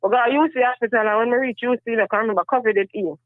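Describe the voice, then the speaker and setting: Jamaican woman, caller, animated patois storytelling, phone-like sound, dry. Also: a little high, racing, no echo. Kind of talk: casual chat. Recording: tinny dry phone line.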